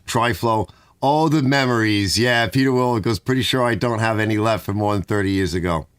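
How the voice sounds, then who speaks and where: A man's voice: fairly low pitch, fairly quick, clear, resonant tone, no room sound, studio quality. A middle-aged man hosting a casual livestream from his garage, reading viewer comments aloud and chatting. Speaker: livestream host reading chat. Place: home garage.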